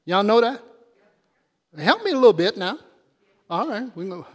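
In a church hall with long reverb, a man preaches a sermon in a high-pitched voice with big pitch swings at normal speed. The pastor is chatty, conversing with the congregation and calling out questions to them.

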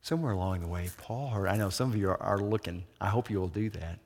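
Pastor preaching in a reverberant hall. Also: male voice, low voice, quick pace. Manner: animated storytelling with questions to the congregation. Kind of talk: sermon. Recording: long church hall reverb.

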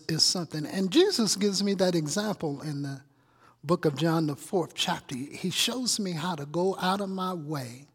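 A man preaching in a church, his fairly high voice husky and a little rough. He keeps it conversational, throwing questions and asides at his congregation. A long reverb hangs behind every word. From Chicago. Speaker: pastor. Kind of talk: sermon. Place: church sanctuary.

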